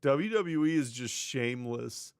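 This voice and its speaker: A man hosting his own wrestling news podcast gives casual solo commentary, swearing freely and leaning on sarcasm. His medium-pitched voice is expressive and measured in pace, recorded dry at studio quality.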